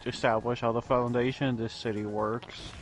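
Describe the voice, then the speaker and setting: A man's voice: mid-range voice, little pitch movement, moderate pace. A man co-hosting a casual anime review podcast, making dry, laid-back, matter-of-fact remarks. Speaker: podcast co-host.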